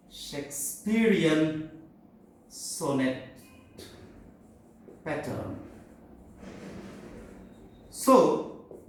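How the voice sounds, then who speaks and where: A man teaching a poetry class in a slow, explanatory lecture with pauses and fillers, from Bengal. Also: sits high, very echoey, low-quality recording.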